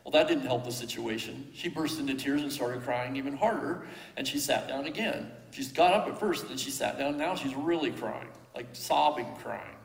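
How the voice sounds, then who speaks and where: A middle-aged man telling a personal story in a casual, reflective way, pausing often with fillers and restarts. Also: medium pitch, vocal fry. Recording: echoey hall with long reverb.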